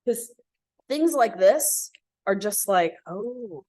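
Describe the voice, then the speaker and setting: A woman leading an interactive communication workshop for a live group, acting out example lines with lively emphasis. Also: mid-range voice, normal speed. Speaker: workshop facilitator. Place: room with live audience. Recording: echoey room.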